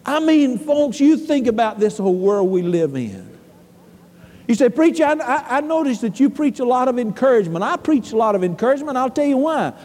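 A man preaching a sermon in a church, fervent, swinging from loud cries to hushed tones. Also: extremely high pitch. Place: church sanctuary. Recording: long hall reverb.

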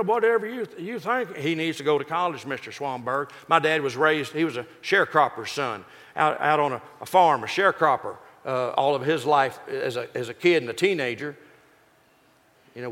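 Man in his sixties, folksy joking preacher, bright forceful tone, long hall reverb, sermon storytelling. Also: on the high side. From Texas. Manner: folksy, joking, lively delivery. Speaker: pastor.

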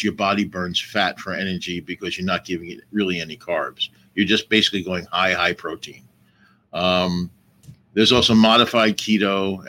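A man's voice: low-pitched, fairly bright tone. Easygoing man in his sixties. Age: 60s. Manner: easygoing, explaining patiently. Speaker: cooking show host as guest. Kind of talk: casual chat.

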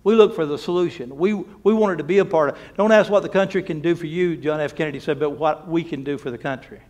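Male pastor, folksy storyteller, slightly high-pitched. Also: quick pace, a little mellow. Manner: folksy, repeats words, conversational storytelling. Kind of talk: sermon with storytelling.

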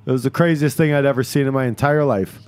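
A man trades jokes on a podcast in a deadpan, mock-serious way, with a middling pitch. His voice sounds close and dry, with no room around it. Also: fast, clear, resonant tone, no room sound. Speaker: podcast co-host. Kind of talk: casual comedic banter.

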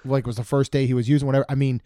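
A man chatting casually as a podcast co-host, relaxed and wry, with dry jokes. His pitch is middle of the road. The recording is close and dry, with no room echo. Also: rapid-fire. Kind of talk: casual chat.

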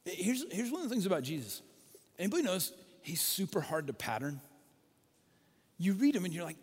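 A male pastor preaching a sermon, telling stories in an animated way and acting out the voices in them. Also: high-pitched, fairly quick, long pauses, breathy edge. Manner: animated storytelling, acts out quoted voices. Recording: long hall reverb.

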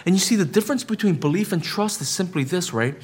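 Husky-voiced man preaching with emphatic build-ups. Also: sits high, lively intonation, quick pace, darkish tone. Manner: checks in with the listeners with frequent "right?". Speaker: pastor. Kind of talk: sermon.

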